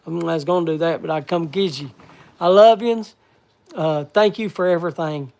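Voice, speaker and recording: A man hosting a casual live stream, thanking viewers in a halting, repetitive, heartfelt way. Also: a little high, gravelly, a little mellow. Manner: halting and repetitive, stumbling over words. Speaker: livestream host.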